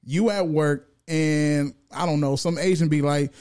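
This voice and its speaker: A man's voice: on the high side, steady tone, measured pace, darkish tone, clear, resonant tone. A man co-hosting a podcast, arguing casually and joking with friends. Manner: argumentative, jokey, repeats words. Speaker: podcast co-host. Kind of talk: casual debate chat.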